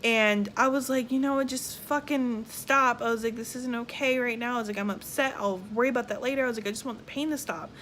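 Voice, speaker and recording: This is a young woman with a Southern US accent, casually telling a personal story straight to her viewers. Her voice is bright and forward, and she is frank and profane. She animates the tale by acting out the people she quotes, with a faint hum of noise behind her. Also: fairly high pitch, steady tone, fast, few pauses. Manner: candid and blunt, with frequent profanity. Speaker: vlogger.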